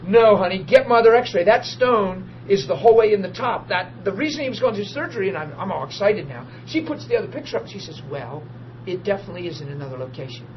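A man preaching a testimony as a story, excitable, bursting into laughter and shouts. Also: sits high, fast talker. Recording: muffled recording with steady hum.

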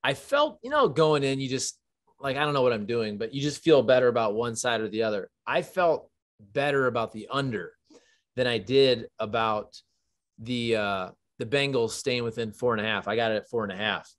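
A man in his thirties, a podcast co-host and parent, talking in relaxed, rambling casual sports chat. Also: mid-range voice, moderate pace.

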